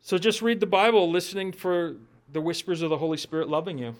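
Earnest man preaching, fairly high voice. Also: fairly even intonation, fast talker. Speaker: pastor. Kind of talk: sermon.

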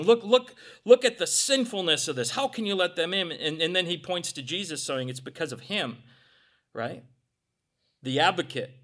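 Male preacher, middle-aged, animated sermon delivery, bright forceful tone, slightly high voice. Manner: animated preacher, acts out voices, swings loud to soft. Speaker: pastor.

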